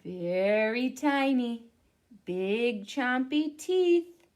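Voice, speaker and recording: A woman voicing a teeny tiny mouse who squeaks in very high, soft little sounds. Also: very animated, extremely slow, heavily acted. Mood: cute.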